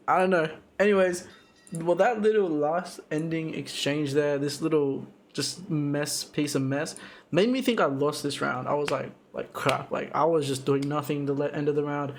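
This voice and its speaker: A young man talks through his own fight footage in a loose, excited way, tossing in slang and punchy sound effects. His voice sits a little high for a man, and he often trips and restarts mid-sentence. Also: gravelly. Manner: excited, slangy, full of 'boom' and 'bro', many restarts. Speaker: amateur Muay Thai fighter narrating his fight footage. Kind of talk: casual fight breakdown commentary.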